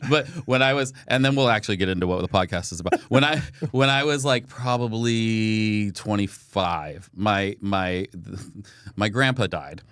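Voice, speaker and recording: A man's voice: fairly low pitch, moderate pace, a bit bright, smooth, no room sound. A man hosting a podcast, chatting casually and playfully with a guest and laughing often. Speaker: podcast host. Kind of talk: casual interview chat.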